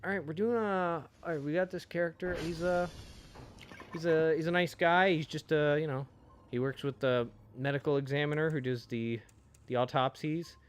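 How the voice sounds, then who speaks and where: A man's voice: normal speed, a little hiss or hum, close to an everyday voice. A man putting on an eager voice director who coaches an audiobook narrator and rambles with lots of fillers. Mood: coaxing. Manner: chatty, rambling, filler-heavy pitch.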